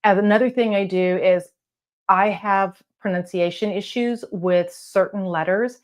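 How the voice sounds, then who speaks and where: A woman talking casually to camera from her office as a coach, blunt and encouraging, with some letters not said crisply. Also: medium pitch, steady tone, unhurried. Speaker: real estate video coach. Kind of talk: casual advice talk to camera. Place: home office lit by lamps.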